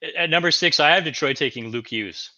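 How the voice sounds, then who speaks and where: Bright-voiced man, analytical. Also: fairly high pitch, fairly quick, no echo, lo-fi sound. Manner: analytical, hedging with "I think". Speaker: podcast co-host. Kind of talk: casual hockey draft analysis.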